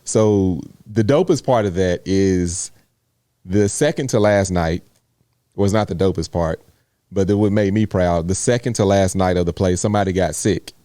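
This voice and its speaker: A man in casual chat, a proud parent telling an animated story full of slang. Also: low-pitched, normal speed, no room sound, clean studio sound.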